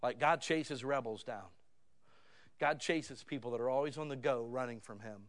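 A male pastor gives a sermon at a normal speed and in a conversational tone. He moves between low asides and loud, pleading emphasis.

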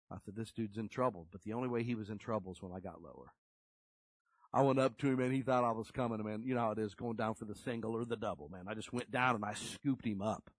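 A man's voice: fairly low pitch, dry recording, poor audio. A middle-aged man preaching a sermon in a conversational, emphatic storytelling way.

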